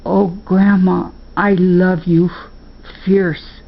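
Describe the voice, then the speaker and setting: A woman's voice: on the low side, little pitch movement, slow, vocal fry, highs cut off, heavily acted. An older woman voicing an eager young boy who earnestly pleads in old-fashioned rustic speech, in a storybook reading.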